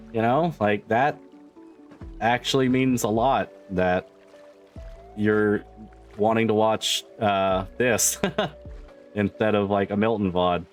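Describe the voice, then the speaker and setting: A man streamer chatting casually with his viewers, swearing freely and laughing often. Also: fairly low pitch. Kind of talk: casual chat with livestream viewers.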